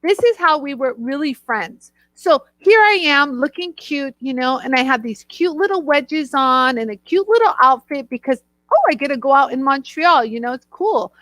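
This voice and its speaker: A woman from Los Angeles co-hosting a casual chat show, telling animated stories and reading viewer comments aloud. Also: high voice, normal speed, hardly any pauses, dry recording. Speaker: co-host. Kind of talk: casual live-stream chat.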